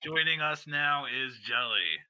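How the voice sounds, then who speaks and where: A man's voice: fairly high pitch, animated, unhurried, clear, resonant tone, no echo, poor audio. Swearing young man telling stories. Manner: loud storytelling, heavy swearing, frequent laughs. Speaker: podcast host. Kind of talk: crude casual chat.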